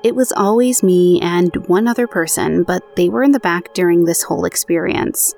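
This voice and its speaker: A woman with a fairly low voice hosts a spooky podcast, reading listeners' paranormal stories into a booth mic. She moves between steady reading and chatty, self-mocking asides. Soft music sits faintly underneath. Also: moderate pace, gravelly. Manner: conversational, self-deprecating asides. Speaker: podcast host. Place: home recording booth.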